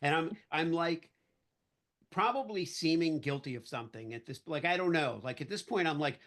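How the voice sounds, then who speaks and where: Male podcast guest, somewhat high pitch, animated storyteller who acts out voices in his anecdote. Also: normal speed. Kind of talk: casual anecdote-telling.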